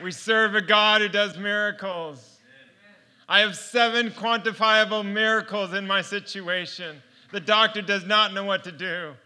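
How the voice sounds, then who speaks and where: A man giving a heartfelt personal testimony sermon, telling his story in an animated, storytelling way. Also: high-pitched, unhurried.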